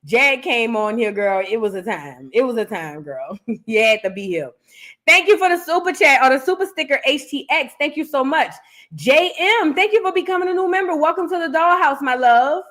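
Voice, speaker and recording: Lively, animated woman streamer host. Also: sits high, moderate pace. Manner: animated storytelling, calls viewers "girl", acts out quotes. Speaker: host of a live reaction channel. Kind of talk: casual livestream chat.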